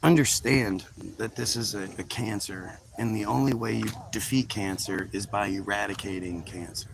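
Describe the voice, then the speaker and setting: A man with a low, gravelly voice talks straight to his viewers in a rambling, emphatic way, stumbling and restarting his sentences. There is a faint hiss of noise behind him. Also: fairly even intonation, moderate pace. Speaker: video host. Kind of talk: casual commentary to viewers.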